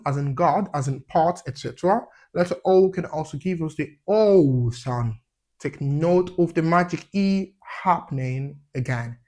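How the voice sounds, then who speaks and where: A man teaching English letter sounds, saying each example word slowly and clearly and checking in with "yeah?". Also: on the high side, a little mellow. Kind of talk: phonics lesson.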